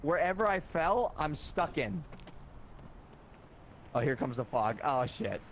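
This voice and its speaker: A man's voice: fairly high pitch, lively intonation, slow pace, muffled recording, a crowd in the background. A male streamer talking and swearing in gaming voice chat, often yelping in panic. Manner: swears and yelps in panic while playing.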